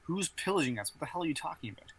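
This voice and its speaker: A man's voice: a little high, animated, rapid-fire, a bit bright, a little hiss or hum, low-quality recording. A man narrating a tabletop role-playing game as game master, rambling with many fillers.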